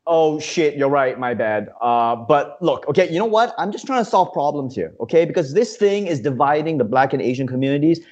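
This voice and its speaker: A man's voice: a little high, a little mellow, dull audio. A man playing a comedy news correspondent, ranting indignantly and filling his speech with lots of uh's. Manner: indignant, ranting, heavy with uh fillers. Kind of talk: scripted comedic banter.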